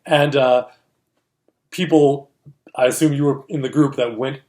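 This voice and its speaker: Man, casual storyteller, mid-pitched voice, plays out quoted voices, laughs a lot. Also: fairly even intonation, measured pace, a little mellow. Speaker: co-host of a film industry show.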